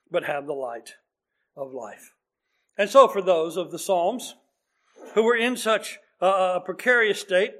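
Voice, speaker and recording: A man's voice: high voice, fairly bright tone. A man preaching a sermon in an earnest, conversational way, reading scripture aloud as he goes.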